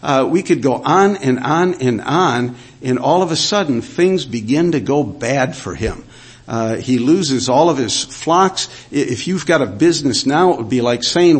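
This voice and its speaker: A man's voice: mid-range voice, expressive, slow, breathy edge. A man preaching a sermon. He reads scripture aloud and tells stories earnestly, with frequent "uh" and "um". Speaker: pastor.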